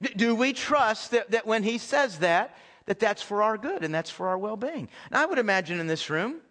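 A man's voice: high voice, animated, normal speed, fairly bright tone. A man preaching to his congregation in a sermon, conversational, with rhetorical questions and frequent restarts. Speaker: pastor. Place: church hall with audience.

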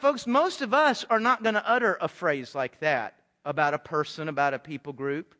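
A man's voice: high-pitched, pushed and bright. A man preaching a sermon as pastor to his congregation, earnest and repeating words as he builds to a point. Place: church sanctuary.

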